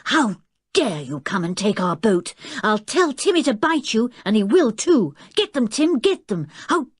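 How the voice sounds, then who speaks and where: A woman voicing a quiet young girl who has turned fierce, bold and stubborn, speaking in an indignant, spirited way in a storybook reading. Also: medium pitch, big pitch swings, moderate pace, no echo, studio quality. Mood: angry, scolding.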